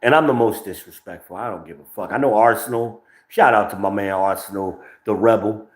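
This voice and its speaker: A man's voice: on the low side, fairly quick, echoey room. A man from New Jersey with a New Jersey accent, hosting his podcast in brash, profane, rambling talk, recorded on a phone with no microphone. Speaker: podcast host. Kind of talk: profane livestream commentary.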